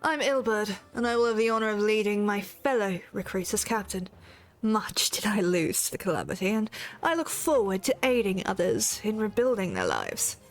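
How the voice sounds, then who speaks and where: A woman voicing a proud male mercenary captain in a put-on British accent, with formal, measured speech. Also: mid-range voice, expressive, soft background music, natural voice.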